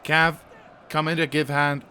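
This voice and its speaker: A young man giving let's-play commentary, excitedly barking orders at his troops, swearing, and rambling about the game. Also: fairly high pitch, unhurried, a little hiss or hum. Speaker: gaming channel host.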